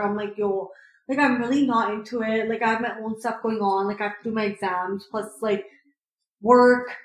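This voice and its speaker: Woman, twenties, high voice, rambling storyteller, casual chat, echoey room. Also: a little fast. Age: 20s. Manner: rambling, heavy use of "like" and "right?". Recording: roomy echo.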